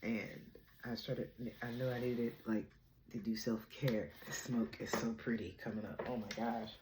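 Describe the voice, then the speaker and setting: A woman hosting her own chat vlog from home, talking fast and bubbly about spiritual topics and laughing often. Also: extremely low pitch, fairly even intonation, noisy background. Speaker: vlog host. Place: home apartment.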